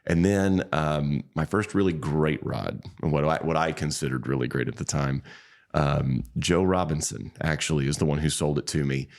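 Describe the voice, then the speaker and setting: A man's voice: normal speed, vocal fry, darkish tone. A man, a fly shop owner telling stories as a podcast guest in a rambling, easygoing way. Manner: rambling, many restarts, quotes people with pitch jumps. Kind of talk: casual interview storytelling.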